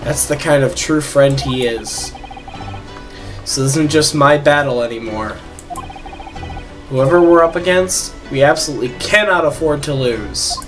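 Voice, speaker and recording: A man's voice: medium pitch, a little slow, pauses often, a bit bright, close to an everyday voice. A man reading aloud the lines of an earnest young defendant in a game, in his own voice. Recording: distant mic with game music behind.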